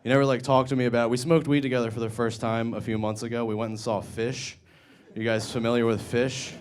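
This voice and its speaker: A man's voice: medium pitch, steady tone, moderate pace, a little hiss or hum. A young man performing a stand-up set in a comedy club, rambling through self-deprecating stories with crude asides.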